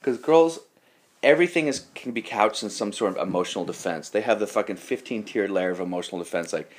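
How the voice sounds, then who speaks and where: A man, a comedian guest in a casual podcast chat, telling animated stories and acting out other people. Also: fairly low pitch, quick pace. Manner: animated storytelling, acts out other people with raised voice.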